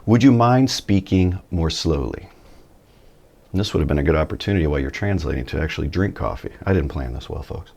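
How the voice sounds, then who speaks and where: A man giving a relaxed, chatty video lesson, with folksy asides, a little tired early in the morning. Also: rumbling low, a little fast, creaky. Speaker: Spanish teacher.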